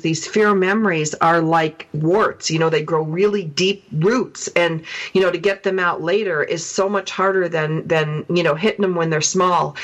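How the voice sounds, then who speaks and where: A woman's voice: on the low side, rough recording. A woman hosting a talk radio show, speaking in a chatty, loose way with lots of fillers.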